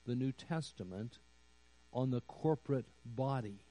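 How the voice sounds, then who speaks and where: A pastor preaching a sermon slowly and deliberately, building to emphatic raised phrases. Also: male voice, mid-range voice, warm tone, dry recording, poor audio. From United States. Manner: slow, deliberate preaching with rising emphatic peaks.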